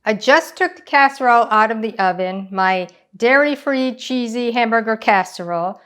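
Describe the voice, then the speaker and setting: A woman's voice: a little high, expressive, moderate pace, fairly bright tone, clear, resonant tone. A woman hosting a casual home cooking demonstration, chatting through each step as she cooks in her kitchen. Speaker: cooking channel host.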